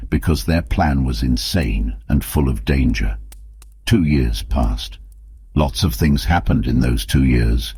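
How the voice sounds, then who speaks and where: A man narrating an audiobook with a very deep, husky voice and a steady, measured delivery. The sound is dry and close, with no room around it. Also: no echo. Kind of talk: scripted narration.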